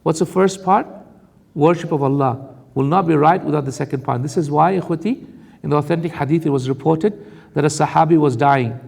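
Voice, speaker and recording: A man's voice: a little high, fairly quick, gravelly, darkish tone, long reverb tail. A man preaching a sermon on Quran commentary, warning his audience emphatically and reciting Arabic verses between explanations.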